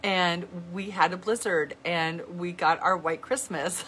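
A middle-aged woman talking to her viewers in an earnest, heartfelt way, often halting and restarting her sentences. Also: on the low side, animated, fairly bright tone, a little hiss or hum. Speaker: vlogger. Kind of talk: heartfelt casual talk to viewers.

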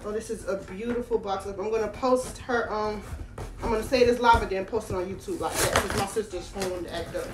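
A teenage girl from Florida excitedly unboxing on her phone, talking straight to her viewers. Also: medium pitch, fairly quick, music in the background. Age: late teens. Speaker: doll collector vlogger. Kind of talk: casual unboxing vlog. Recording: echoey room, faint background noise.

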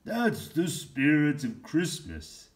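A jolly old Santa booms out slow, hearty lines from a storybook read-aloud , played by a man. He sounds big and warm-hearted. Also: wildly swooping pitch, exaggerated voice.

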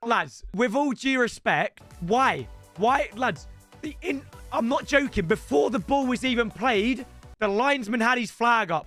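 A young man, reacting excitedly to footage of his own football match and breaking into loud play-by-play. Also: very high-pitched, measured pace, faint music behind. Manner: animated, bursts into shouts of play-by-play.

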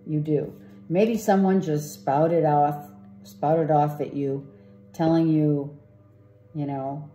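A woman's voice: deep voice, fairly even intonation, takes it slowly, warm tone, roomy sound, soft background music. A woman giving a casual tarot reading, rambling and often asking "right?". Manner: rambling, repeats herself, asks "right?". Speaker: tarot reader.

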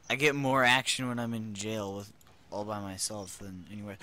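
A young man giving goofy, playful commentary over a video game, chatting to the characters and swinging between loud outbursts and hushed whispers. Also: fairly low pitch, fairly even intonation, a little fast. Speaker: gaming commentator.

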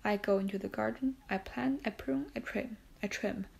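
A woman's voice: medium pitch, normal speed, vocal fry, darkish tone. A woman reading a humble old telegraph keeper. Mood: earnest. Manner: earnest, plain-spoken. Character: older male telegraph keeper, humble, earnest. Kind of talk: audiobook character reading.

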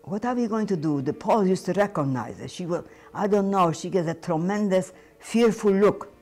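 A man's voice: sits high, expressive, darkish tone, faint music behind. An older man giving personal testimony as a Holocaust survivor, stumbling and repeating words. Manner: halting, repeats himself, stumbles.

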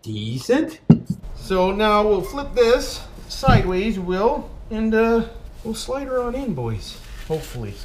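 Very animated yet slow-paced, a high-voiced Canadian man rebuilds an engine, talking to himself and joking casually with viewers he calls "boys." Background noise fills the echoey room.

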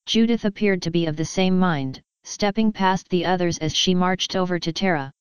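A woman narrating a story in an even, steady way. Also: fairly low pitch, normal speed, few pauses, smooth, no echo, muffled recording. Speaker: story reader. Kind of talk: scripted narration.

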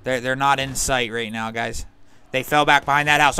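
Bright clear-voiced man barking orders. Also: medium pitch, steady tone, moderate pace, no room sound. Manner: commanding, rallying, repeats orders. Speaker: streamer leading a squad as in-game officer. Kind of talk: live gameplay voice chat, barking orders.

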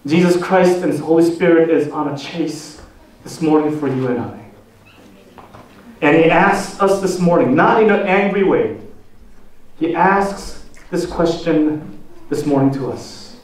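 A man preaching a sermon as pastor, posing slow, deliberate rhetorical questions to the congregation. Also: on the high side, distant mic. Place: church sanctuary. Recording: echoey church hall, voice from off the mic.

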